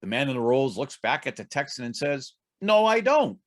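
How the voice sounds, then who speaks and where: A man telling a joke at a speaking club, narrating with lively delivery and small restarts. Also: medium pitch, brisk. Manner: animated storytelling with small restarts.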